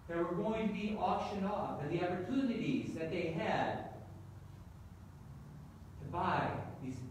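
A man, a priest, telling a story in a sermon with slow, measured delivery, recorded in a church from far off. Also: high-pitched, very echoey, slight background noise.

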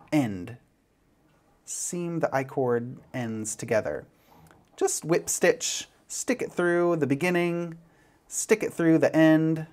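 A man giving a step-by-step knitting tutorial, chatty and playful as he demonstrates each move. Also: fairly high pitch. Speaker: knitting instructor.

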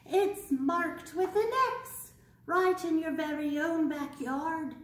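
A woman's voice: sits high, takes it slowly. A woman voicing a tricky, gleeful little male leprechaun in a taunting sing-song, read aloud from a storybook. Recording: echoey room, mic far off.

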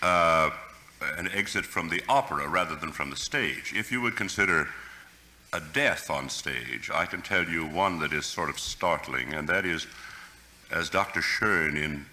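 A man, an opera bass, talking casually on a panel, explaining things with plenty of hesitation. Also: lively intonation, measured pace, sharp tone. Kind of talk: conversational panel talk.

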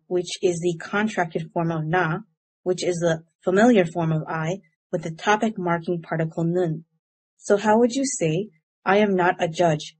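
A woman with a fairly low, husky voice narrates a scripted grammar lesson. She explains each point clearly and gives example sentences in a steady, measured way. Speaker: language teacher.

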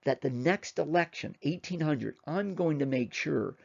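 Man putting on a scornful demanding statesman, gravelly, slightly muffled. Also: fairly high pitch, animated, unhurried, full character voice. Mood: threatening. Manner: blustering, contemptuous, demanding. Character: arrogant scolding adult male French statesman.

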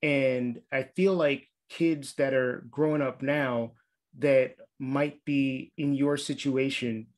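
Male podcast host, mid pitch, asks long meandering questions at a quick clip. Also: steady tone. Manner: quick, rambling questions with fillers. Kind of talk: interview questions.

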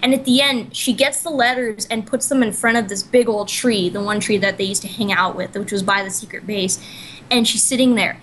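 A woman's voice: medium pitch, fairly even intonation, brisk, a bit bright, slight background noise, rough recording. A woman co-hosting a casual podcast chat, retelling a story in a rambling way full of "like" and "you know", often correcting herself mid-sentence. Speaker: podcast co-host.

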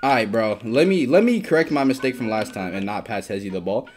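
A young man giving casual gameplay commentary, excitable and swearing often as he trash-talks teammates and opponents. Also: fairly low pitch, a little fast. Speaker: gaming YouTuber. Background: background music.

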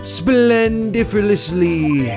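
A man voicing a pompous older male judge in a slow, grandiose drawl. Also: high voice, animated, over music, voice pushed up, exaggerated voice.

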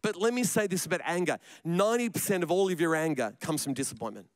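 A man's voice: on the high side, lively intonation, quick pace, no echo. A man preaching a sermon in church, chatty and joking, often repeating his words. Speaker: pastor.

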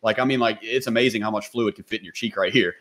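A man guests on a podcast and tells his story at a rapid clip. His talk is loose, full of slang and swearing, and he keeps it animated and casual throughout. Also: fairly low pitch.

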